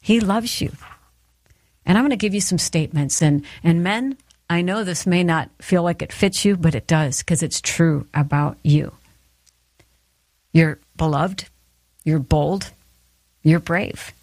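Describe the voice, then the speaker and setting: A woman's voice: lowish voice, a little slow, pauses often, a little mellow, no echo. A woman giving an earnest, encouraging devotional talk that speaks straight to the listener. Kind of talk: sermon-style devotional talk.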